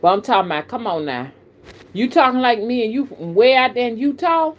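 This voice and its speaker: A woman's voice: a little high, fairly quick, muffled recording. A middle-aged woman from the American South with a Southern accent, a spiritual reader chatting casually to her live-stream viewers in a folksy way. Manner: folksy, animated, addresses viewers as y'all. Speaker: spiritual reader and channel host.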